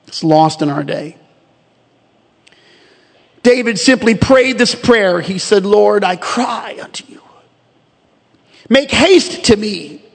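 A man pastor preaching a sermon in a church, moving from quiet reflective reading to impassioned pleading. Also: high-pitched, in a large hall.

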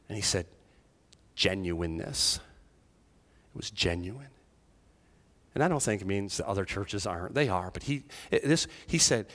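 Pastor guy preaching, chatty, drops to almost a whisper then gets loud and fired up, mid pitch. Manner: conversational, swings from hushed near-whispers to raised emphatic preaching. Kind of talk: sermon.

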